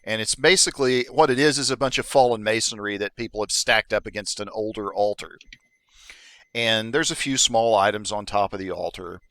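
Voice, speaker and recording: Male dungeon master, bright forceful tone, dry close sound, loose halting narration. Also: fairly low pitch, no echo. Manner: relaxed, halting narration with fillers. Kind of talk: narrating a tabletop game.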